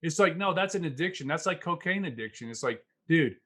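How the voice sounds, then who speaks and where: A man with a somewhat high voice hosts a casual podcast chat. He talks in a loose, animated way and laughs often, with plenty of "man" and "it's like.". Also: a little fast. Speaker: podcast host, physician. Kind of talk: casual conversation.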